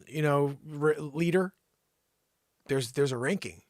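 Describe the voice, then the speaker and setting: A man's voice: a little high, measured pace, no echo, studio quality. Jokey rambling male show host. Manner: rambling, jokey, bursts into mock voices and shouts. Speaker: host of a daily variety show. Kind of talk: comedic live show news banter.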